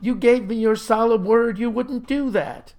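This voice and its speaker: A man's voice: high voice, big pitch swings, a little slow, a little mellow. A man voicing a petulant, whiny young ex-convict who stammers when indignant. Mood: panicked whining.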